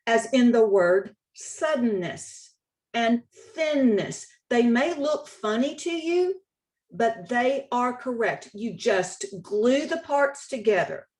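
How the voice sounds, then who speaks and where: A woman giving a slide-based presentation on spelling rules, speaking slowly and deliberately, stressing key words and repeating points for emphasis. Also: a little high, animated, darkish tone. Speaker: state spelling contest director.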